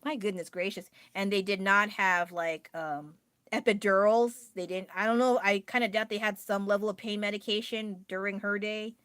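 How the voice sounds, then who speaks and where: A woman's voice: mid-range voice, steady tone, normal speed, fairly bright tone, smooth, no echo. A woman with an American accent chatting casually on a livestream, rambling and laughing often as she answers her chat. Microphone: phone.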